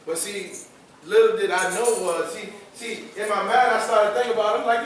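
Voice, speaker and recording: A young man giving a testimony sermon, talking casually and repeating phrases, building up to shouted preaching. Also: high voice, fairly even intonation, fairly quick, a little hiss or hum. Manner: conversational, repeats phrases for emphasis. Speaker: youth service speaker. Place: large church hall. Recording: echoey church hall from far off.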